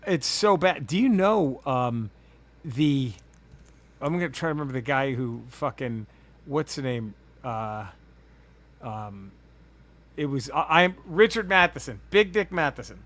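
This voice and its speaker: A man's voice: mid-range voice, lively intonation, measured pace, fairly bright tone. A man hosting a podcast in casual chat, rambling and profane as he tells a story. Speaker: podcast host.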